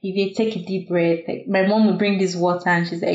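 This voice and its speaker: A woman's voice: medium pitch, fairly quick, darkish tone. A young woman, a doctor, telling a personal story in an earnest, reflective way, with many fillers. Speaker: guest. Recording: echoey room, dull lo-fi sound.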